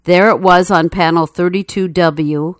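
Woman narrator, lowish voice, measured steady storytelling, dry close recording. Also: dry recording. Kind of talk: scripted narration.

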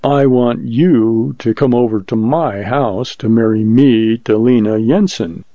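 Big stubborn farmer, quiet and blunt, dark gravelly tone , read by a man, muffled recording. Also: medium pitch, animated, measured pace, dry recording. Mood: quiet insistence. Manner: quiet, blunt, few words.

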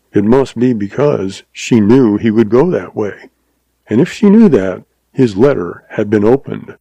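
Male audiobook narrator, low voice, steady measured delivery, dry close recording. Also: slightly rough, dry recording, low-quality recording.

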